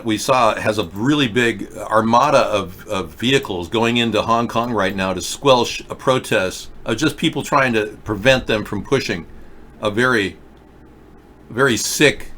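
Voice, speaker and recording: A man's voice: mid-range voice, pushed and bright. A man hosting a live political video chat show, talking emphatically and directly to viewers while wearing a mouth guard. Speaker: political talk show host.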